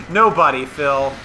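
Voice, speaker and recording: Bright, animated joking man. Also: fairly high pitch, a little hiss or hum, low-quality recording. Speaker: co-host. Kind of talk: casual gameplay banter.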